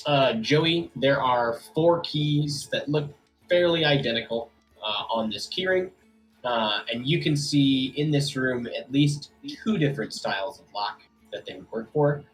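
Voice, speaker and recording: A man running a tabletop game as game master, talking in a relaxed way with many fillers. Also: mid-range voice, unhurried, soft background music, rough recording.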